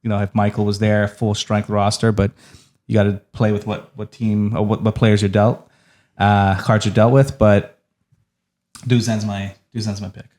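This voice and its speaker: Male panelist, low voice, teasing and playful. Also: level tone, normal speed, a little mellow. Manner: teasing, laughs often. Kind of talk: casual sports chat.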